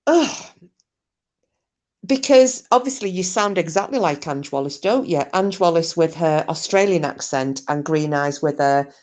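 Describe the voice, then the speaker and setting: A woman's voice: sits low, lively intonation, unhurried, a little mellow. A woman hosts a casual livestream, reading comments aloud in a chatty, sweary way. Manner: chatty, sweary, laughs easily. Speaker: livestream host.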